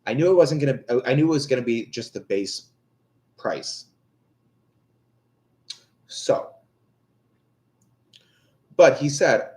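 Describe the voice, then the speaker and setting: A young man in casual livestream talk, exasperated and ranting, with frequent swearing. His pitch leaps widely up and down as he vents, at a middling register for a man. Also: expressive, slow, pauses often, darkish tone. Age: young adult. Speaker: livestream tarot reader. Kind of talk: casual rambling chat.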